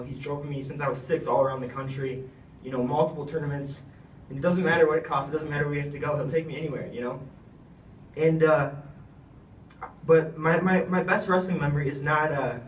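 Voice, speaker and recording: A man's voice: on the high side, recorded from a distance, a little hiss or hum. Young man, earnest farewell speech, rambling, fillers; off-mic in an echoey room. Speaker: retiring wrestler giving a thank-you speech. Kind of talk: heartfelt speech.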